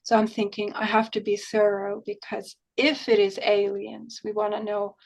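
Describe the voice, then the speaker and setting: A woman's voice: medium pitch, monotone, moderate pace, vocal fry. A woman who works as a remote viewer, telling a story in conversation and acting out the dialogue in her own voice. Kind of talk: conversational interview recounting an experience.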